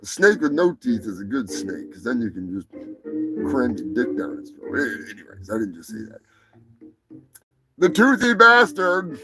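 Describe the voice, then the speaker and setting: A man's voice: mid-range voice, very animated, moderate pace, over music, rough recording. A man hosting a live stream, rambling and crude in a comedic chat. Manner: rambling, crude, mock-shouting.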